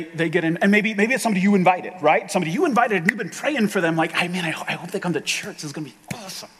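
A man's voice: on the high side, a bit bright. A middle-aged man preaching a sermon as a pastor, candid and self-deprecating, talking in a loose conversational way. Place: large rented hall with reverb. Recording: long hall reverb.

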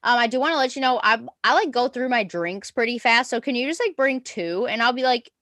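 A woman's voice: a little high, a little fast, fairly bright tone, dry recording, clean studio sound. Joking, emphatic young woman. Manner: emphatic, joking, swears freely. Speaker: former server. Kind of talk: casual chat.

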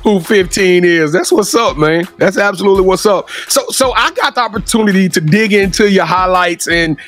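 A man hosting a casual interview, energetic and slangy, often repeating words as he thinks. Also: sits high, normal speed, soft background music. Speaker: interview host.

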